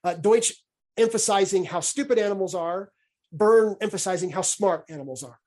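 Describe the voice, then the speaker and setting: A man's voice: high-pitched, normal speed, darkish tone. A man hosting a podcast, explaining ideas in a casual discussion and often restarting and repeating words as he thinks aloud. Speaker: podcast host.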